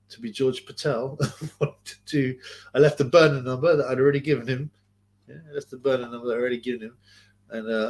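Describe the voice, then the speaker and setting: A man hosting a casual livestream, rambling, swearing freely and laughing often as he tells stories and reads questions. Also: mid-range voice. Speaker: livestream host.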